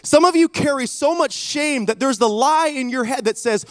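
A high-voiced male preacher delivers an emphatic sermon at normal speed, dramatically retelling a scripture story and calling on the congregation to respond. The sound is dry and close.

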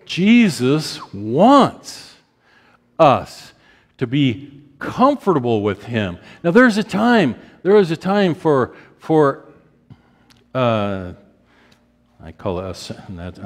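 A man in his fifties preaching a sermon with strong emotion, his pitch climbing when stirred and his voice softening as he acts out prayers of repentance. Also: sing-song, takes it slowly. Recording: long hall reverb.

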